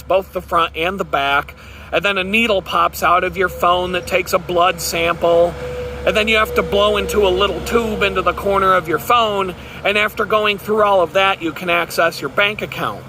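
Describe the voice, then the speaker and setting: Male vlogger, sarcastic rambling rant, bright forceful tone, slightly high pitch. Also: a little hiss or hum. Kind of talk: casual rant to camera.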